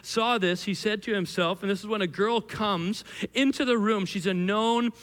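A male pastor preaching a sermon to a live congregation, telling the story in an animated, conversational way with frequent restarts. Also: high voice, moderate pace. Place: church hall with a live congregation. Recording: long hall reverb.

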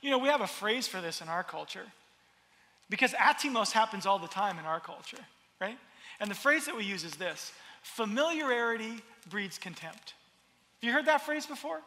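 A man preaching a sermon, expressive and repeating his words as he builds each point. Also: sits high, normal speed, in a large hall. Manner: expressive, acts out crowd voices, repeats words. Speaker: pastor.

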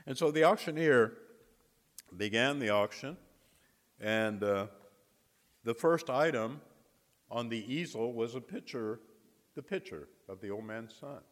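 A man preaching a sermon, telling a story with dramatic pauses and emphatic repetition. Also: medium pitch, lively intonation. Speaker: guest preacher. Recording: long hall reverb.

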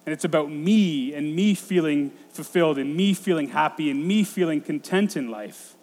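A man in his thirties delivers a reflective sermon, often restarting his sentences as he thinks aloud. His voice sits a little high for a man, and it rings with the long reverb of a church hall. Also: a little mellow. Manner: reflective, halting with frequent restarts. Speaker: pastor.

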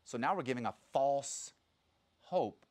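A man giving a sermon as a pastor, talking casually and acting out quotes in a louder voice. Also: medium pitch, measured pace. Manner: conversational, animated preaching with sudden loud acted quotes.

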